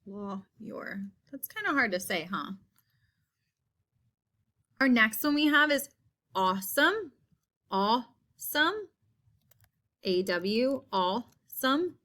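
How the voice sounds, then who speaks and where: Female teacher, slightly high, unhurried; walks young kids through word sounds one by one. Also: animated, sharp tone. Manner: slow, drawn-out repeating of word sounds. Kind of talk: phonics lesson for young children.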